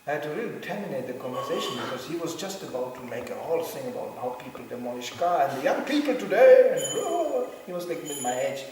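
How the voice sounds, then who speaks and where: Man, playful storyteller, slightly high voice, recorded far off in an echoey hall. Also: sing-song, fast talker, hardly any pauses, very noisy. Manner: storytelling with laughs and acted quotes. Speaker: speaker giving a talk. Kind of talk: humorous spiritual talk.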